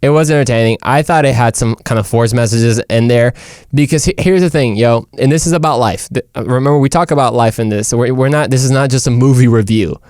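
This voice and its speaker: A man's voice: mid-range voice, fairly quick, clear, resonant tone, dry recording. A man rambles through his opinions with loose slang, starting sentences over and jumping between thoughts. His voice sits in the middle range. The recording is dry and close, with almost no room sound. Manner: animated, rambling, slangy, puts on mock British voices. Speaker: show host. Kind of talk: casual opinion monologue.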